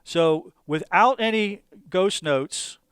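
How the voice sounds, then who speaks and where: A male drum teacher explains each step calmly and methodically. His voice sits a bit high, smooth and clear, and the recording is dry and close. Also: slow pace, no room sound. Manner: calm, methodical, with fillers. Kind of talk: instructional explanation.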